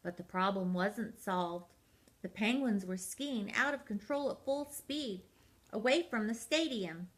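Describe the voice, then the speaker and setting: An older woman, a grandmother, reading a picture book aloud in a gentle, unhurried way. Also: medium pitch. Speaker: storyteller grandmother. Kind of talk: storybook read-aloud.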